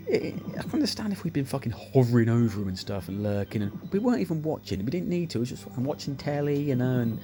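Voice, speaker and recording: A man telling sweary, animated anecdotes while playing a slot machine, acting out what people said. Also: medium pitch. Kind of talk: casual storytelling over gameplay. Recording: music playing behind the voice.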